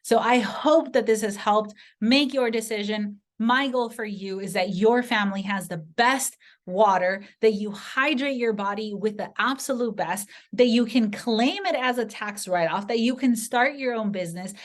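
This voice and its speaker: A woman giving an earnest motivational sales pitch to camera, speaking directly to the viewer and telling personal stories. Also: moderate pace, hardly any pauses. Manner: earnest, direct, story-driven persuasion. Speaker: sales presenter.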